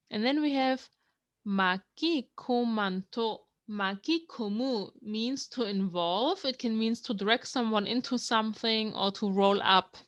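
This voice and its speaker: Speaking slowly and a bit high, with no echo on the recording, a German-born woman whose mother tongue is German leads an explanatory language lesson. She's a learner teaching viewers, patiently breaking down words one by one and reading lines aloud.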